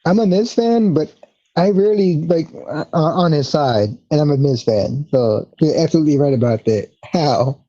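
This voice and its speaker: Brief: relaxed male co-host with a dark, mellow voice over a dull lo-fi mic. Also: on the high side, moderate pace. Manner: laid-back, laughs along. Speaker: podcast co-host. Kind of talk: casual wrestling chat.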